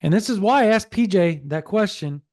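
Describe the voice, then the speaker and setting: A man co-hosting a sports podcast, telling a story in a casual, animated way and relaying a source's quotes. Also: high voice, normal speed, no room sound, clean studio sound. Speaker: podcast co-host.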